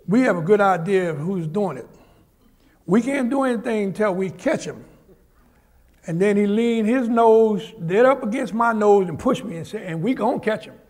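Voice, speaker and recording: A man's voice: sits high, a little mellow. An older man from Harlem, a guest telling vivid stories on stage at a live event in a large auditorium and acting out the people in them. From Harlem, New York. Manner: vivid anecdotal storyteller, acts out the people in his stories. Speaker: guest, former Olympic sprinter. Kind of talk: storytelling on stage.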